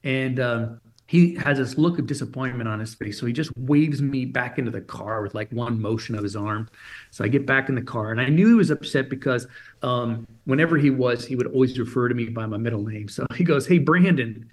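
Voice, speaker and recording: A man's voice: mid-range voice, brisk. A man in a mid-range voice telling a personal story as an interview guest. He brings the scene to life by acting out the dialogue, stringing lines together with casual "he goes" and "I go". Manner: animated storyteller, acts out quoted dialogue with frequent "he goes". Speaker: interview guest, dream coach.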